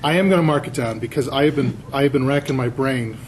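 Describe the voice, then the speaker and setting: A man's voice: mid-range voice, fast talker, poor audio. Man, casual slide lecture, chatty storyteller, quizzes the audience, faint room noise. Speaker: author giving a slide talk.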